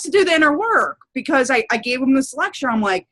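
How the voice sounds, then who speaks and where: A woman's voice: sits high, big pitch swings, fast talker, a bit bright, no echo, low-quality recording. Chatty, blunt woman teacher. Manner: chatty, laughing and blunt, with frequent swearing. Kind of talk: casual chat.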